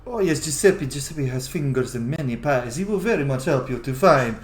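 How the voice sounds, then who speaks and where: A man's voice: mid-range voice, animated, brisk, faint music behind, lightly acted. A man voicing a jovial rabbit-folk innkeeper and smuggler who talks about himself in the third person, recorded with a roomy echo. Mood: smooth.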